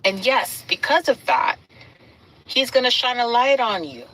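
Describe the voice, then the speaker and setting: A woman's voice: fairly high pitch, lively intonation, unhurried, fairly bright tone, slight background noise, poor audio. A woman preaching emphatically to an audience, building her points in rhythmic repeated lists. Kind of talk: sermon-like encouragement to an audience.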